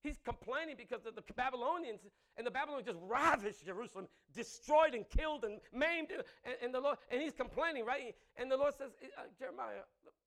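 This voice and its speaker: A man's voice: very high voice, fairly quick, hardly any pauses, fairly bright tone. A middle-aged man preaching a sermon, joking with the crowd, laughing often and repeating his words.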